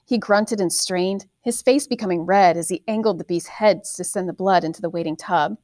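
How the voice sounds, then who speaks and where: A woman's voice: on the low side, no echo. Woman reading a fantasy novel, dry sound. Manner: steady, measured storytelling. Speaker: audiobook narrator. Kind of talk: scripted fantasy novel narration.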